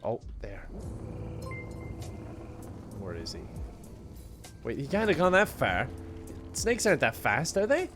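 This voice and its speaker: A man's voice: medium pitch, wildly swooping pitch, slow, long pauses, fairly bright tone, soft background music. Chatty man streaming a game. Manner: chatty, laughs often, thanks viewers by name. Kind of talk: casual gaming livestream chat.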